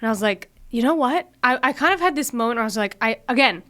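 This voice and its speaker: A woman's voice: on the high side, animated, fast, fairly bright tone. A woman in her twenties telling a personal story as an interview guest, casual and chatty, peppering her speech with "like". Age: 20s.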